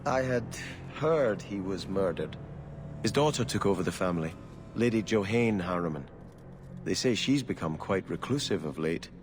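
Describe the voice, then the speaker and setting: A man's voice: deep voice, expressive, moderate pace, in a large hall, music in the background. An actor voicing an earnest, devout young male noble in a video game. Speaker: exiled noble.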